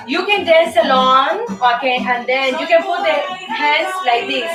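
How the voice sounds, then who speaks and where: Cuban-accented lady teaching salsa steps, slow and upbeat, echoey room, mic kinda far. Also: high-pitched, expressive, music in the background. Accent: Cuban Spanish. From Cuba. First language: Spanish. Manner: upbeat, coaxing, counts beats aloud. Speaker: host and dance teacher. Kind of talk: dance lesson with counting.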